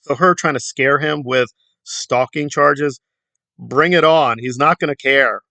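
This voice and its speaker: Sarcastic man with a gravelly, bright voice. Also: medium pitch, a little slow, no room sound. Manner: sarcastic, mocking, indignant. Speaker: commentary channel host. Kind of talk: talking-head drama commentary.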